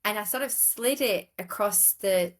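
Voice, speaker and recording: A woman's voice: mid-range voice, a little slow. A woman from England, a guest telling stories in a casual interview, rambling, with restarts and acting out other people's voices.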